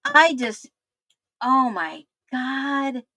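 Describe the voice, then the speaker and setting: A woman hosting a livestream, exclaiming in disbelief and talking straight to her viewers, her voice going hoarse. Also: high-pitched, animated, extremely slow, pushed and bright, dry recording. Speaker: livestream host. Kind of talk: excited livestream commentary.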